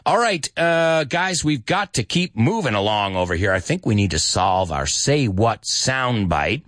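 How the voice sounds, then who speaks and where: A man teaching English with movie scenes, acting out lines in a lively voice and adding short glosses. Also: a little slow, no room sound, studio quality. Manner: lively, acts out quoted lines in higher pitch, mixes in Spanish glosses.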